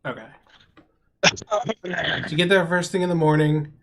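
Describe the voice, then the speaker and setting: A man running a tabletop game as game master, talking in a halting way with many pauses and restarts. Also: fairly high pitch, steady tone. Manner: halting, full of ums and restarts.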